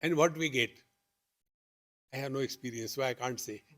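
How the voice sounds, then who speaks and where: A man's voice: mid-range voice, normal speed. A man giving a spiritual discourse at a retreat, telling stories and acting out both sides of the dialogue with rising questions. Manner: lively storytelling, acts out dialogue with rising questions. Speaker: spiritual teacher. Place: retreat hall.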